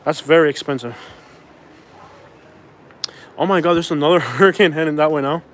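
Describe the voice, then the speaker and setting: Man, vlogger, from Florida, rambling casual chat, in a car, slightly high voice. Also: normal speed, a little hiss or hum. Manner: rambling, digressive, talks to chat and passenger. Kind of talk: casual chat while driving.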